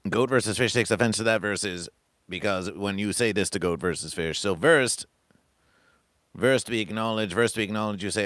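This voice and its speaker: A man's voice: lowish voice, fairly quick, fairly bright tone, dry recording. A man hosting a livestream, ranting in a grandiose, repetitive, preacher-like cadence. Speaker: livestream host. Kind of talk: rambling comic livestream monologue.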